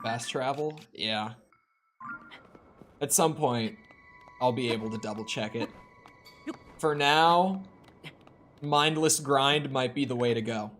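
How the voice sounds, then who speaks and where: A man's voice: mid-range voice, slow, long pauses, a bit bright, soft background music. A young man streaming a video game, talking to himself in a casual, rambling way with frequent restarts. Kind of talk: casual gameplay commentary.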